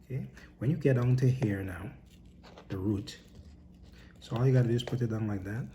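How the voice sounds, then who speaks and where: A man's voice: medium pitch, normal speed, noisy background. A man casually teaching a home cooking lesson, chatty and instructive, often checking in with "okay?" and "right?".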